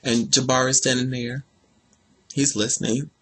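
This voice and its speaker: A man's voice: medium pitch, flat delivery, normal speed, a bit bright. A young man recapping a TV episode in a sassy, chatty way, full of slang and asides to viewers. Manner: sassy, slangy, says honey and y'all.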